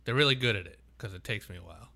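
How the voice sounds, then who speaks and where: A man's voice: on the low side, expressive, very fast, gravelly, bright, forceful tone. A man co-hosting a podcast in casual chat, rambling and swearing a lot. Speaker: podcast co-host.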